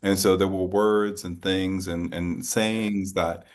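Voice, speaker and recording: The host, a New Orleans man with a deep voice and fairly even intonation, runs an interview in a conversational way. He circles and rephrases a lot, halting as he builds each question.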